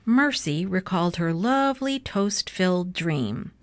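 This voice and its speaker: Woman reading a children's story, slow, low-pitched, gentle, dry close sound. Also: animated, no room sound. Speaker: storybook reader. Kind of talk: reading a children's book aloud.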